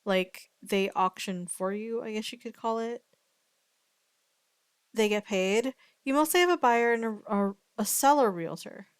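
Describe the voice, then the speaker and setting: A woman streamer talks casually into her desk microphone, thinking aloud as she greets her chat. Her voice comes through smooth and clear. The sound is dry and close, with no room echo. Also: a little high, a little slow. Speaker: streamer reacting to a story video.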